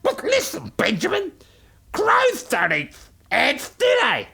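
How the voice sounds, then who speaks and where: A man's voice: very high voice, wildly swooping pitch, slow pace, vocal fry, sharp tone, a little hiss or hum, pitched above the performer's own voice, full character voice. A man doing a whiny, cross little ant. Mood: grumpy. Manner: whiny and sulky. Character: cross, grumpy young male ant. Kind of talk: children's storybook narration.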